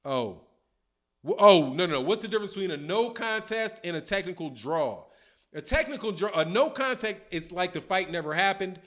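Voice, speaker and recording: A man in his fifties hosting a boxing livestream, talking in slangy, animated casual commentary and answering viewer chat. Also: high-pitched, normal speed. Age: 50s. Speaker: boxing channel host.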